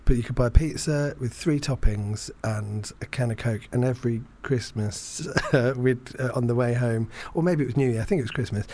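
A man in casual conversation, telling a rambling story about himself. He stumbles over his words, restarts sentences and fills pauses, with a self-deprecating edge and a middle-pitched voice. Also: dark tone. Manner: self-deprecating, halting with many fillers and restarts. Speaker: podcast guest storyteller. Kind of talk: casual chat, rambling anecdote.

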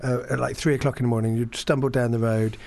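A young adult man from England telling a long, self-deprecating anecdote in casual chat, halting often with fillers and restarts. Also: mid-range voice, flat delivery, gravelly, a little mellow, slight background noise. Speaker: podcast guest storyteller.

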